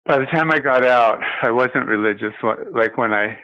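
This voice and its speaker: An older man giving a personal testimony as an interview guest, speaking haltingly with many pauses and restarts. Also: medium pitch, muffled recording.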